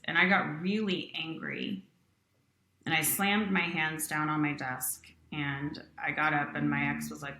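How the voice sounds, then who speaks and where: A woman guest recounts a personal story with earnest, animated delivery. Her voice sits low yet sounds bright and forceful. The room around her carries a noticeable echo. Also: unhurried, a little hiss or hum. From Utah. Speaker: company president, guest.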